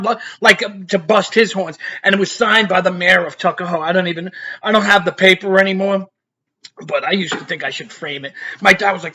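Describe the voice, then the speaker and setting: A man spins a rambling story from his own life. His voice sits high and sounds bright and forward. He keeps tossing in "you know" and chuckling between sentences. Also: fairly quick. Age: 50s. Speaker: vlogger.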